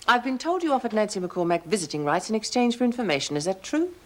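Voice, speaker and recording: A woman's voice: medium pitch, big pitch swings, noisy background, natural voice. An actress playing a stern woman prison officer who questions a colleague. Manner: brisk, stern.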